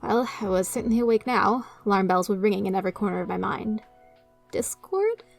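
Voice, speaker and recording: A woman reading a story aloud in first-person audiobook narration, measured and dry. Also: medium pitch, steady tone, creaky, faint music behind. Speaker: narrator and reader.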